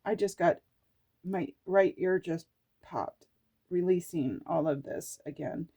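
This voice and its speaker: Slow low-toned woman reading scripture. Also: dark tone, breathy edge. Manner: emotional, exclamatory, reads scripture aloud and reacts. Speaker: spiritual vlogger. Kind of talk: reflective spiritual reading.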